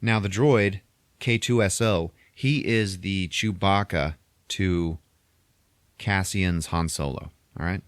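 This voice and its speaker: Man, podcast host, deep voice, dry close sound, casual swearing movie recap. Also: slow pace, dry recording. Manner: rambling, heavy swearing, acts out scenes.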